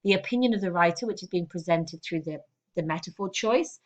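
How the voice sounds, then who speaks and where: A woman English teacher talking through a lesson in a steady, explanatory way, checking in with "okay" as she goes. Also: fairly low pitch, a little fast. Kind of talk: recorded classroom lesson.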